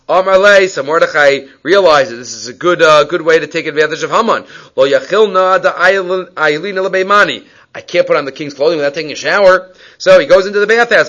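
A man's voice: fairly high pitch, fairly quick, sharp tone, dull audio. A man giving a Talmud class, reading Aramaic lines and explaining them in casual English. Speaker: Torah teacher.

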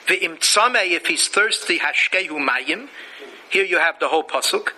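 A man's voice: high-pitched, expressive, normal speed, pushed and bright, low-quality recording. A man giving a Torah lecture, chanting Hebrew verses and telling jokey stories. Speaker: rabbi teaching Torah.

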